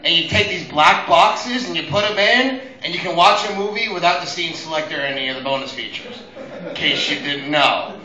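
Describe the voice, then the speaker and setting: A man's voice: on the high side, lively intonation, fairly quick, sharp tone, roomy sound, muffled recording. A young man doing open mic stand-up, telling crude, exasperated stories full of swearing. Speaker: stand-up comedian.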